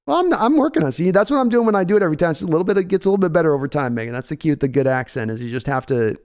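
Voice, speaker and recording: A man hosting a casual sports livestream, chatting in a joking, animated way and thanking viewers by name. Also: fairly high pitch, racing, clean tone. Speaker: sports show host.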